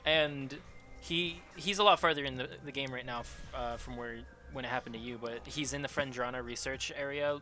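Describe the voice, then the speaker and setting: A man's voice: medium pitch, fairly quick, pushed and bright, soft background music. A man casually commenting as his friend plays a game, chatty and laughing often. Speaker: guide watching a friend play.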